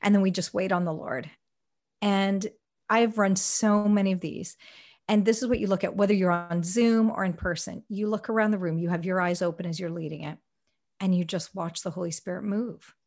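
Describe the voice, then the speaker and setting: Interviewed as a ministry guest, a woman with a medium-pitched voice speaks at normal speed, sharing stories with earnest animation and performing the quotes of the people involved.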